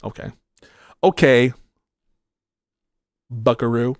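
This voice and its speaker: A man's voice: mid-range voice, slow pace, dry recording. A man doing live political commentary on stream in a dry, close sound. He talks bluntly and swears freely, rambling as he scrolls for comments. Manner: blunt and profane, rambling while searching comments. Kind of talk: livestream commentary reading chat.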